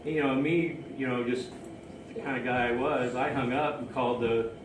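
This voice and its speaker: A man's voice: mid-range voice, steady tone, moderate pace. A man casually telling a rambling personal story about his romance, laughing often at his own memories. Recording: roomy, distant mic, ambient noise.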